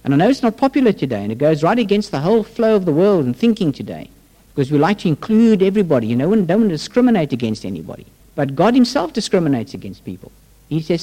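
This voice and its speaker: Animated male preacher in a reverberant hall. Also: on the high side. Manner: emphatic preaching with a prayer opening. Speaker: pastor. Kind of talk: sermon.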